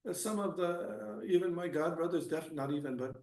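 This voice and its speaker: A man giving a scripture class and answering questions, halting with frequent restarts, then growing emphatic. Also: fairly high pitch, vocal fry, darkish tone, a little hiss or hum. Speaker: class speaker. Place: temple hall. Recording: echoey room, mic at a distance.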